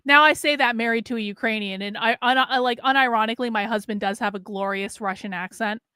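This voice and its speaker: A woman's voice: fairly high pitch, fast, sharp tone, clear, resonant tone, dry recording, studio quality. A woman hosting a livestream, ranting bluntly and profanely about politics and laughing at herself. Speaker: livestream host.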